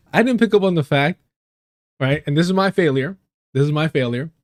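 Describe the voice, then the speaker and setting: A man hosting a live stream, telling casual stories in a loose, rambling way, swearing freely and laughing often. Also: on the high side. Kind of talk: casual storytelling.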